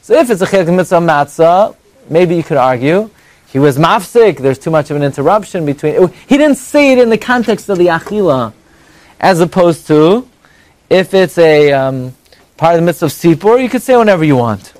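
Animated high-voiced man teaching a class. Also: no room sound. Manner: animated and conversational, jumps between high exclamations and low asides; quick rhetorical questions and mock dialogue. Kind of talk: evening Torah class before a live audience.

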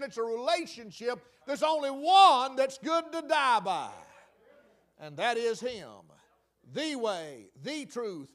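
A man preaching a sermon, repeating phrases with emphatic, folksy, drawn-out delivery. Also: very high-pitched, a bit bright.

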